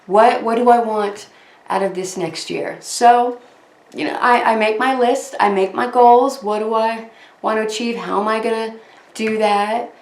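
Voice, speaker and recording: A woman's voice: fairly high pitch, steady tone, a little slow. A woman chatting casually to camera as host of her crafting channel, rambling and poking fun at herself. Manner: chatty, rambling, self-deprecating. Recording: echoey room.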